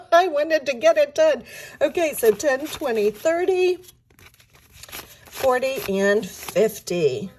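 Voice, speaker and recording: A woman with a slightly rough morning voice chats brightly to her viewers. She counts bills aloud one by one and cheers them on in a casual, friendly way. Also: high voice, expressive, takes it slowly, pauses often, a little hiss or hum. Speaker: budgeting vlogger.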